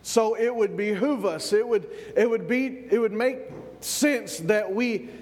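High-voiced preacher in a hall. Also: male voice, measured pace, darkish tone. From American South. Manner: repeats words when building up, calls for amens. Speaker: pastor. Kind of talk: sermon. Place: church.

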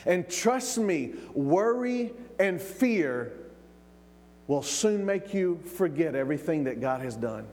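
A man's voice: on the high side, big pitch swings, darkish tone, a little hiss or hum. A man preaching a sermon in an emphatic way, drawing words out and calling for amens. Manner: emphatic, drawn-out pauses, calls of amen. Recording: long reverb of a large hall.

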